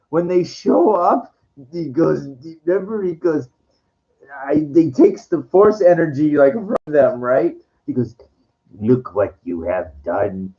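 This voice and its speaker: A man talking in a rambling, casual monologue, full of restarts and fillers, sometimes dropping into a low slow voice to quote lines. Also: mellow, highs cut off.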